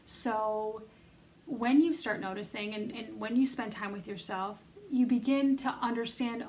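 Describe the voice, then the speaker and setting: A woman's voice: on the high side, measured pace, a little mellow, low-quality recording. A middle-aged woman giving an earnest, encouraging self-help coaching talk, speaking straight to her listeners. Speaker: self-love coach leading an online bootcamp.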